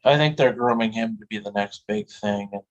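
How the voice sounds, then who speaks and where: A man on a casual podcast panel, measured and matter-of-fact. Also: lowish voice, lo-fi sound.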